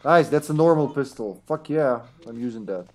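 A man streaming an online game with friends, joking loudly, swearing and cheering at the action. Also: mid-range voice, moderate pace, soft background music. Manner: excitable, swears and jokes loudly. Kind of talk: casual gaming chat.

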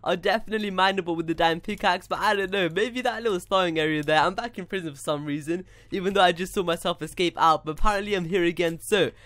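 A young man giving casual, excitable commentary while playing a block-building game, talking to himself as he goes. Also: high-pitched, no echo. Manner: excitable, talks to himself, says dude a lot. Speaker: gaming YouTuber. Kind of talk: casual Minecraft gameplay commentary.

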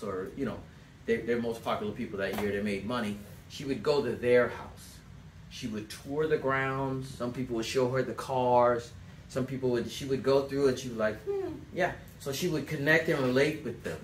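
A man giving a sales coaching talk to a small group, telling stories in a loose, animated way and acting out quotes. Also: mid-range voice. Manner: animated storyteller, acts out quotes, loose rambling phrasing. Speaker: sales trainer. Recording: echoey room, mic at a distance, faint background noise.

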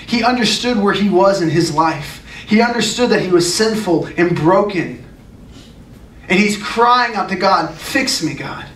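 A man's voice: high voice, a little slow, fairly bright tone. Man, youth pastor, emphatic sermon, repeats phrases, roomy echo, faint noise. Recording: echoey room, distant mic, faint noise.

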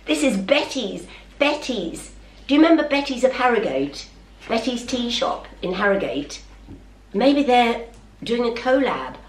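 Unboxing parcels on her casual vlog, a middle-aged woman keeps exclaiming and talking to her dog. She sounds animated in a mid-range voice at normal speed, captured from afar in a roomy space with a little background noise.

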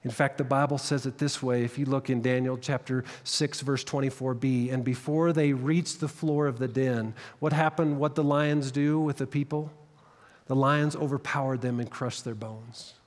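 A man preaching a sermon, telling the story dramatically and dropping to hushed tones at tense moments. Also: medium pitch, steady tone, normal speed. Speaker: pastor. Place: church sanctuary. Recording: long reverb of a church hall.

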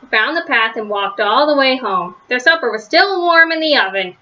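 A woman reading a children's story aloud, gentle, with small slips and restarts, on a slightly lo-fi recording. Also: high voice, lively intonation, moderate pace. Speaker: storybook reader.

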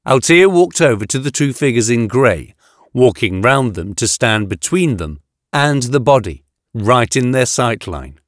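A man narrating a science-fiction audiobook in an expressive reading on a close studio mic. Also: mid-range voice, unhurried, no room sound.

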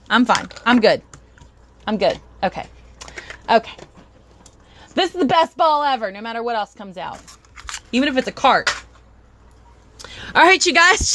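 An excitable, bubbly woman hosting a casual live stream from home, chatting to viewers and thanking them by name. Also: high voice, moderate pace, a little hiss or hum. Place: at home with a dog.

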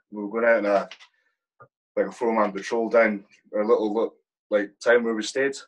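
A man's voice: on the low side, husky, poor audio. A man guesting on a podcast, telling army stories in a rambling, swear-filled way, calling the host "mate" constantly. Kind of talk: casual storytelling.

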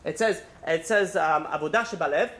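A man, a rabbi, giving a holiday sermon, telling a story in a quick, rambling way full of restarts and fillers. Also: a little high, a bit bright.

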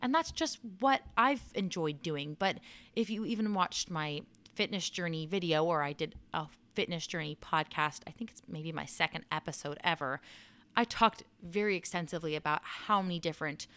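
A woman hosting a solo podcast, chatting in a casual, encouraging way and laughing at herself, her voice starting to go a little hoarse. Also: on the low side, moderate pace, a bit bright. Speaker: podcast host.

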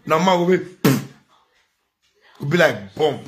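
A man's voice: a little high, animated, a little slow. A man with a Nigerian accent giving a ranting vlog commentary, scolding and preaching, repeating phrases for emphasis.

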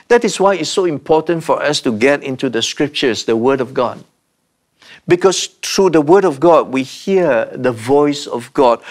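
A man preaching a sermon, slow and measured, with dramatic pauses and repeated refrains. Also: mid-range voice. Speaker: pastor.

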